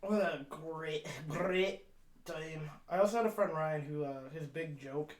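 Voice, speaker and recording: A young man telling a wild story in a casual podcast chat, swearing often and getting loud when he laughs, his voice worn out from talking. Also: fairly high pitch, a little slow. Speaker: podcast co-host.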